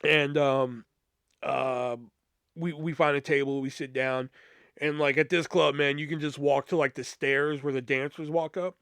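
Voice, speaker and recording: A man's voice: fairly high pitch, fairly even intonation, a little slow, fairly bright tone, smooth, no room sound, clean studio sound. A man hosting a podcast, casually telling a funny personal story in a profane, rambling way full of asides. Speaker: podcast host.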